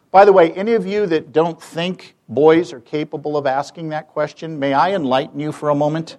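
Animated man with a raised voice. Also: fairly high pitch, brisk, hardly any pauses. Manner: animated, rhetorical questions, wry humor. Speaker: public speaker and campus debater. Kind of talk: persuasive public talk to an audience.

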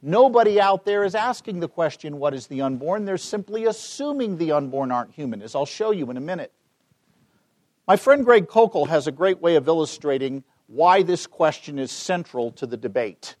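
A man's voice: fairly high pitch, animated, normal speed, a little mellow. A man in his fifties from the United States, giving a persuasive public talk with rhetorical questions and wry humor. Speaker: public speaker and campus debater.

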